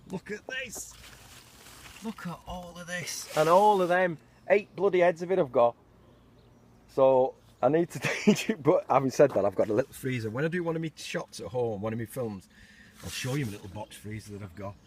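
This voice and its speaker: A man's voice: mid-range voice, fairly quick, darkish tone, slight background noise. A middle-aged man gives a chatty, self-mocking walking tour of his allotment garden, recorded outdoors on a handheld camera.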